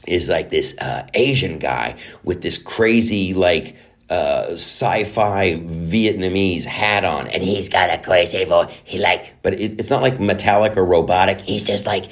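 A man hosting a comedy podcast, ranting mockingly through a show recap and popping into quick put-on voices. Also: sits low. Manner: animated, mocking, does quick character voices. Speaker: podcast host.

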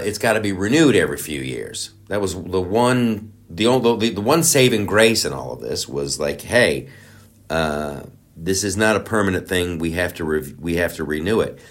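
A man delivering a heated, profane, sarcastic political rant, rambling with many restarts. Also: deep voice. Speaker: political commentator. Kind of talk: ranting monologue.

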